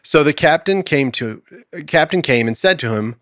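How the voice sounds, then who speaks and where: Animated man reading scripture aloud. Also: fairly high pitch, moderate pace, dry recording, studio quality. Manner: animated storyteller, acts out voices in quotes with laughs. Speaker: podcast co-host teaching scripture. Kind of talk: conversational Bible study, reading scripture aloud.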